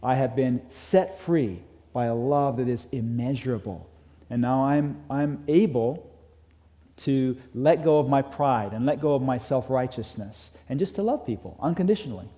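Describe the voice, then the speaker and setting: A man preaching a sermon as a pastor, earnest, rising in intensity and then dropping to soft emphasis. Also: medium pitch, moderate pace. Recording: long hall reverb.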